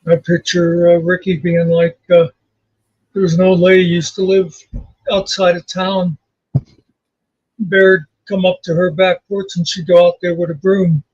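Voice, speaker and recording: A man's voice: high voice, little pitch movement, measured pace, a little mellow, slightly rough, dry recording, highs cut off. A man co-hosting a casual talk show, sharing easygoing anecdotes. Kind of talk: casual chat.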